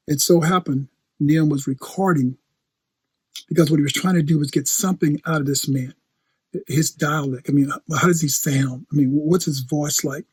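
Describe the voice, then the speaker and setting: Male preacher, breathy tone, dry close sound; loose, storytelling sermon delivery with restarts. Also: on the high side, darkish tone, no echo. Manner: chatty, laughs often, repeats and restarts phrases. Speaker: pastor. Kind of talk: conversational sermon.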